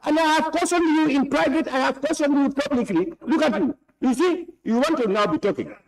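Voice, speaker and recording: A man's voice: very high voice, brisk, low-quality recording. A man with a Gambian English accent chairing a parliament session, stern and scolding, repeating himself as he presides over a heated debate. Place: parliament chamber.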